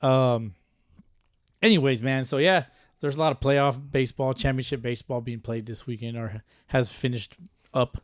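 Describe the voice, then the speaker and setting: A man in his thirties hosting a podcast, cursing freely and joking in bursts of loud banter. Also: mid-range voice, normal speed, no room sound, studio quality. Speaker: podcast host.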